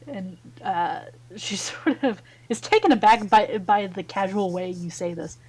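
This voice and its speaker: Woman game master, slow narration, medium voice, easygoing, fillers. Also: mid-range voice, husky, rough recording. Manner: relaxed, hesitant narration with fillers and laughs.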